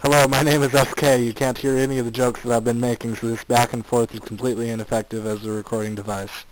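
A man's voice: mid-range voice, flat delivery, quick pace, low-quality recording. A man co-hosting a casual comedy podcast, riffing playfully and laughing at the jokes. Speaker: podcast co-host.

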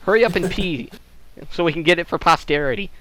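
A young man hosts a podcast over voice chat, his fast, fairly high voice bright and forceful as he rambles with lots of fillers and cracks crude jokes. He sounds like he has a cold. The audio is poor, with the faint noise typical of an online voice chat.

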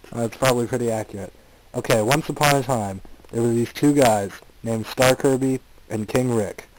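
A man's voice: medium pitch, darkish tone, poor audio. A man hosting a casual online chat, rambling and improvising a goofy story. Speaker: podcast host.

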